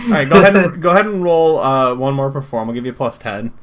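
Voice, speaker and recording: A man's voice: mid-range voice, fast talker, over a noisy crowd. A man running a tabletop role-playing game as game master, talking casually with lots of fillers.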